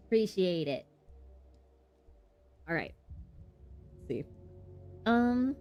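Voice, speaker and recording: A woman's voice: medium pitch, slow pace, pauses often. A woman streamer chatting playfully while she plays a game. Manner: playful, animated. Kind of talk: casual gameplay commentary. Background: faint game music.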